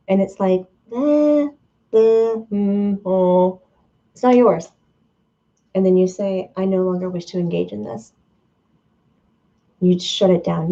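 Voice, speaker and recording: A woman's voice: mid-range voice, mellow, lo-fi sound. A woman hosting a live stream, chatting casually, reading viewer comments aloud and laughing often.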